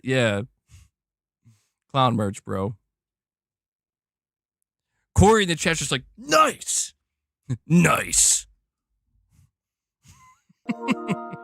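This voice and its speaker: Lively joking man streaming live. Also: mid-range voice, no room sound, clean studio sound. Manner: loose, profane, joking. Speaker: livestream host. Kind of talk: casual livestream chat.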